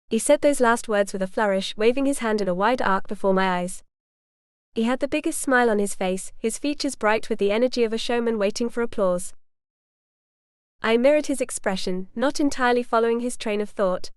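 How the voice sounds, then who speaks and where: A woman narrating a first-person audiobook in a wry, expressive storytelling manner. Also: on the high side, fairly quick, clean tone, no room sound, clean studio sound.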